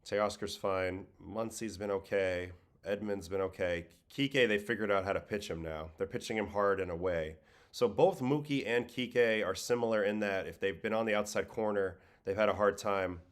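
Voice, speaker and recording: A man's voice: fairly low pitch, normal speed. A tired man from Brooklyn with a faint New York-Boston accent, hosting a casual livestream chat and answering viewer questions aloud. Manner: relaxed, conversational, reads chat questions aloud. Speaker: livestream host, former pitcher.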